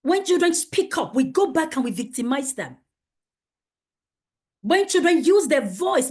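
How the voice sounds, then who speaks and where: Animated, emphatic woman trainer. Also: high-pitched, unhurried, pauses often. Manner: emphatic, rhetorical questions, animated. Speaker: safeguarding trainer. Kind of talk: training session for teachers.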